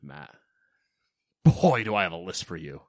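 Here's a male co-host on a laid-back gaming news show, cracking jokes and reading out game lists with playful stress. He speaks in a low voice, unhurried, recorded at studio quality without echo.

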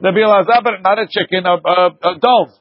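A man teaching a lively Talmud class, arguing points back and forth with his students. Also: high voice, quick pace, muffled recording.

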